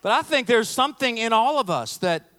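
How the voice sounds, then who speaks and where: With a very high-pitched voice and a brisk delivery, a middle-aged pastor tells humorous stories during his sermon. He's animated and self-deprecating, and he performs the voices of the people he quotes.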